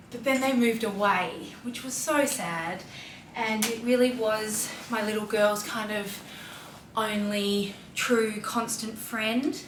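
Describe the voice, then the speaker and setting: A woman's voice: mid-range voice, background noise. An Australian woman in her thirties, a mom and fashion vlogger, talking in a heartfelt, chatty way with plenty of fillers. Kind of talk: casual confessional chat. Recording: roomy echo, distant mic, faint ambience.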